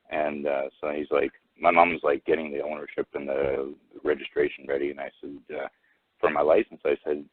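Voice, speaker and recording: A man telling a rambling personal story over the phone, halting with many restarts and fillers. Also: extremely low pitch, husky, dry recording. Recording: tinny phone line, dry.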